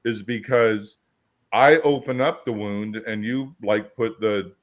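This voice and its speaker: Guy on a coaching podcast, kinda low voice, pushy and direct, tells stories. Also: steady tone, slow. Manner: assertive, storytelling with acted-out quotes. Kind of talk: casual podcast chat.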